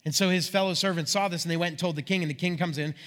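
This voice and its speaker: A middle-aged male pastor preaching in an animated, conversational way, his voice sitting a little high for a man. He talks to the congregation directly, jumps between reading and explaining, and pushes his delivery up when making a point. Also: racing. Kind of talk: sermon.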